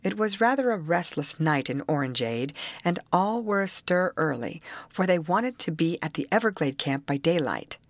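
Low-voiced woman reading a story aloud. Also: no room sound. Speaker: audiobook narrator. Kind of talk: scripted narration.

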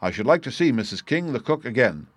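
A man reading a sharp, middle-aged male detective who explains his reasoning in a measured, assured way. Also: mid-range voice, big pitch swings, dry recording. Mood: composed. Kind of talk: audiobook character reading.

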